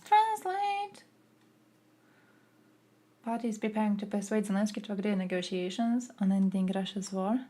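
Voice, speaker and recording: A woman's voice: mid-range voice, steady tone, fast talker, hardly any pauses, mellow. Young woman from croatia ranting on stream, sarcastic and swears nonstop. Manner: blunt, profane, sarcastic. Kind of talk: casual ranting commentary.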